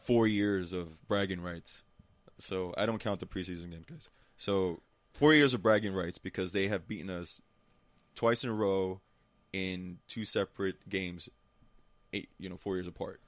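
A man in casual chat, telling animated stories with frequent restarts. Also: deep voice, moderate pace, no room sound. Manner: animated storyteller with many restarts.

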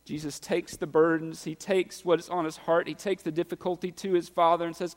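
A man preaching a sermon, building to loud, impassioned peaks. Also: fairly high pitch, flat delivery, a little fast, hardly any pauses, in a large hall. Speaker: pastor.

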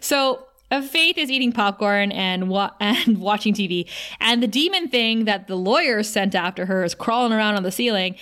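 A woman co-hosting a podcast, recapping an episode in casual chat with animated, giggly asides. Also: mid-range voice, normal speed. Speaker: podcast co-host.

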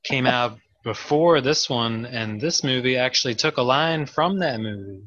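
A man hosting a podcast, chatty and quick to laugh in casual banter. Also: medium pitch, fairly bright tone, muffled recording. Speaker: podcast host.

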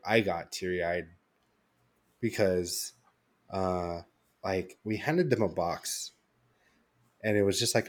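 A young man co-hosting a podcast, telling a story in casual chat with lots of fillers and restarts. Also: fairly low pitch. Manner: rambling storytelling with many fillers. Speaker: podcast co-host.

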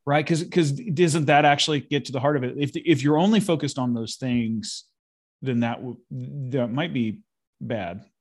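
Man, mid pitch, casual ministry talk, thinks aloud, repeats words, occasional laughs. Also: moderate pace. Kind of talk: casual conversation about ministry.

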